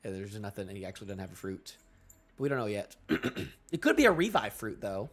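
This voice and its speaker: A young man reviewing a manga chapter on a casual live stream, excitable and full of fillers. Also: on the low side, brisk. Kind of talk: casual live reading and reaction.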